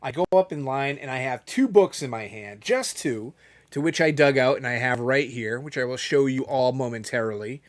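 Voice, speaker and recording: A man's voice: mid-range voice, normal speed. A middle-aged man co-hosting a casual chat, telling a rambling story and acting out the quotes. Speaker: podcast co-host.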